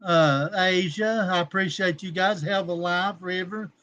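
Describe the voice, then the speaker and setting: A man's voice: high voice, fairly even intonation, normal speed, sharp tone, muffled recording. A man hosting a casual livestream, rambling and combative with coarse language, calling out chat viewers by name. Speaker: livestream host.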